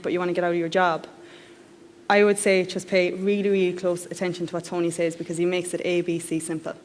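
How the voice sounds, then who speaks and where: A woman hosting a seminar, chattily and eagerly introducing the next speaker. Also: mid-range voice. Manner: enthusiastic, chatty. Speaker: event host introducing speaker. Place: seminar hall. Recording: long hall reverb.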